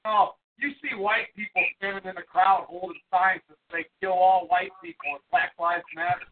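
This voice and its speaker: A man's voice: sits high, steady tone, normal speed. A man in casual call-in talk, rambling through plain explanations. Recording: tinny phone line with faint hiss.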